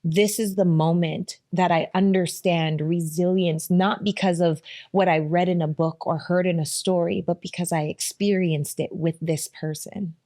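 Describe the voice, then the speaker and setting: A woman's voice: lowish voice, fairly even intonation, normal speed, hardly any pauses, dark tone. A woman hosting a podcast interview who speaks in a heartfelt, effusive way. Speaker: podcast host. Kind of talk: interview conversation.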